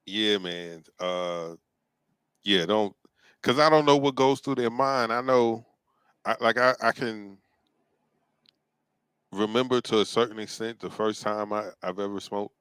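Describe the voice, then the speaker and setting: A man with a smooth, clear voice hosts a casual talk show. He tells his story in a relaxed way, acting out bits of dialogue, and the recording is close and dry. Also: on the low side, measured pace, pauses often, no echo. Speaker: host.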